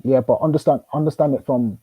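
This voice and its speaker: A man's voice: mid-range voice, fast talker, dull audio. A man arguing in a casual debate, probing with questions and stumbling through many restarts. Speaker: host.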